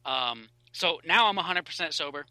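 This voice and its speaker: A man, a podcast guest, telling a long personal story in casual interview talk, animated and rambling with many fillers and restarts, on a close mic. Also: fairly high pitch, brisk, no room sound, low-quality recording.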